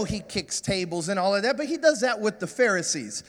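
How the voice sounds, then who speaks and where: A man in his forties preaching in a church, his very high voice ringing out into a long hall reverb. He tells humorous stories and then rises to emphatic, shouted points. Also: lively intonation, brisk, hardly any pauses. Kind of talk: sermon.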